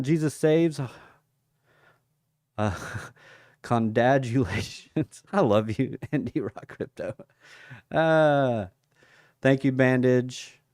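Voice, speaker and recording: A man's voice: medium pitch, darkish tone, no echo, clean studio sound. A man hosting a casual livestream, chatting with viewers and reading out their comments while talking through charts. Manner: chatty, reads out viewer comments and thinks aloud. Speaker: crypto livestream host.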